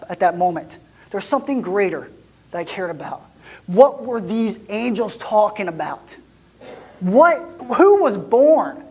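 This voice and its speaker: A man's voice sits high as he portrays an excitable young shepherd in a first-person church monologue. The delivery is chatty and lively, then sinks into hushed tones.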